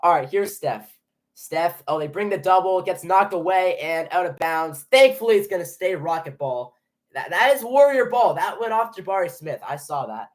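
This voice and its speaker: A young fan streams a jittery live reaction to a game, his slightly high voice keeping a moderate pace. He trips over his words and restarts sentences often.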